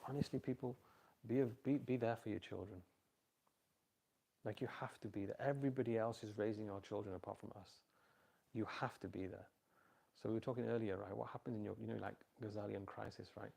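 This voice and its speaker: A middle-aged man gives an informal religious talk on parenting to a live audience, speaking fairly quickly in a low voice with vocal fry and a breathy edge. He tells stories in animated quoted voices and quizzes listeners with questions they repeat back.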